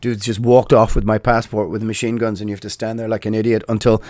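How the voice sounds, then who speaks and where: A man's voice: fairly low pitch, flat delivery, quick pace, darkish tone, no echo, studio quality. An Irish man in his forties hosting a podcast, telling stories in a rambling way with many fillers and self-corrections. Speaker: podcast host. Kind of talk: casual anecdotal storytelling.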